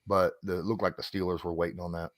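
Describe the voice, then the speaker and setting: A man's voice: sits low, quick pace, no room sound, clean studio sound. A man hosting a live game reaction stream, calling the plays and greeting chat viewers. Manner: excitable play-by-play calls, greets chat viewers. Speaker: live stream host doing play-by-play.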